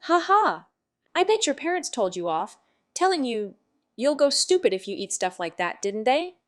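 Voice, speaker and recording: A woman's voice: high-pitched, very animated, normal speed, no room sound, studio quality. A woman voicing a frivolous male street vendor who talks in a glib, cajoling way. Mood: glib coaxing.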